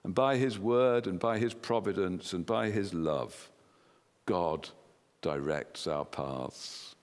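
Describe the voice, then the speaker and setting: A man's voice: low voice, takes it slowly. A man with an English accent preaching a sermon in a church, earnestly putting questions to the congregation. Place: church hall. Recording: long hall reverb.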